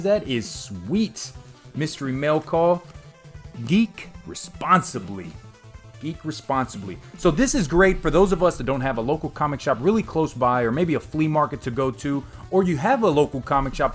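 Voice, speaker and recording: A man chatting casually to his viewers while unboxing comics and tasting bourbon, often calling them "guys" and filling pauses with fillers. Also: medium pitch. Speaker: vlogger reviewing comics and bourbon.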